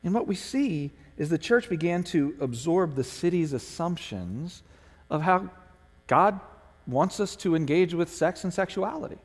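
Animated preacher in a reverberant hall. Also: male voice, fairly high pitch, a little slow. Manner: animated storyteller, acts out quoted voices. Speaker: pastor. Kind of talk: sermon with storytelling.

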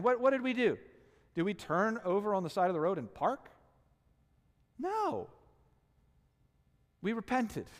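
A man preaching a sermon as a pastor, telling personal stories and acting out the people in them. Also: high voice. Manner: animated storytelling, acting out quotes, self-deprecating. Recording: long hall reverb.

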